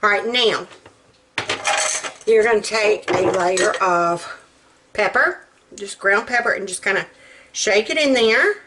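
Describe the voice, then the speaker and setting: Slow, chatty woman cooking. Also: medium pitch, bright, forceful tone, slight background noise. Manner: chatty, folksy, rambling with asides. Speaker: home cook host. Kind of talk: casual cooking demonstration. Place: home kitchen.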